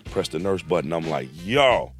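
Very deep-voiced man telling a story. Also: fairly quick, soft background music. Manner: animated, slangy, acts out quotes. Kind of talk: casual storytelling.

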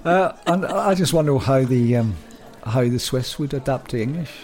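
A man's voice: medium pitch, lively intonation, normal speed, a little mellow. A middle-aged man from Northern Ireland with a Belfast accent, rambling and self-deprecating in a casual chat as podcast co-host.

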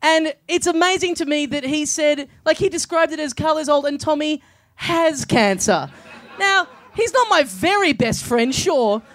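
A man's voice: very high-pitched, animated, moderate pace, fairly bright tone, some chatter behind. An Australian man co-hosting a live comedy podcast, joking around with a sweary, laughing manner. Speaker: podcast co-host.

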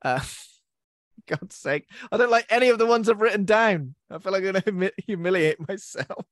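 A man's voice: sits high, lively intonation, normal speed, a bit bright, no echo, studio quality. A man hosting a podcast in a casual chat, giggling and mocking himself as he stumbles over his words. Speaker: podcast host.

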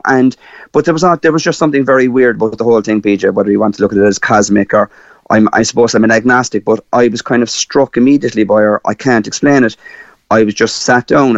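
A man from Ireland with a Cork accent, a guest telling a personal story in a lively way with many fillers. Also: medium pitch, dry recording, highs cut off. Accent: Cork Irish.

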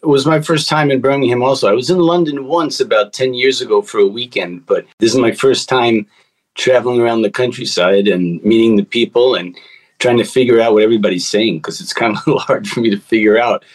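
A man's voice: mid-range voice, brisk, poor audio. Easygoing man with a Brooklyn accent. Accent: Brooklyn New York. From Brooklyn, New York. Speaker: musician guest. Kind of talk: casual interview chat.

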